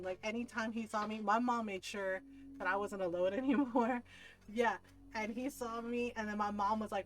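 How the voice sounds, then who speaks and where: A woman streamer telling a story in casual chat, animated, swearing freely and laughing often. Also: medium pitch, poor audio.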